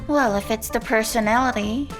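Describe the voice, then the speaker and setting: A woman's voice: on the high side, moderate pace, music in the background, natural voice. An actress playing a dry, wry young woman in a dubbed melodrama. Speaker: dubbed drama character.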